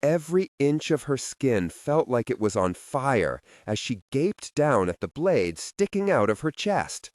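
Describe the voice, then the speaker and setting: A man narrating a dark fantasy audiobook in an expressive, scripted reading on a close studio microphone. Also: medium pitch, measured pace, hardly any pauses, no echo. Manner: expressive, wide-ranging reading.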